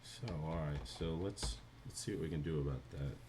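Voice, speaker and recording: New jersey guy, deep voice, rambling chat to viewers while animating. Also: normal speed, background noise. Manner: chatty, thinks aloud and answers chat. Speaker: animator streaming live. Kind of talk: casual live-stream chat while drawing.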